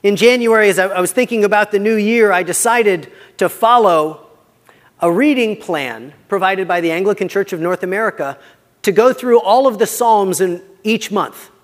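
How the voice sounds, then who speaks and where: High-voiced earnest pastor in a reverberant church. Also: male voice, moderate pace. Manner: earnest, conversational preaching that often drops soft for emphasis. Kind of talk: sermon.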